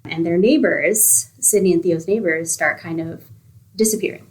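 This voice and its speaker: Woman, library podcast co-host, lower voice, eager casual storytelling. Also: normal speed, rough recording. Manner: enthusiastic, acts out characters' lines. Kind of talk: casual book recommendation chat.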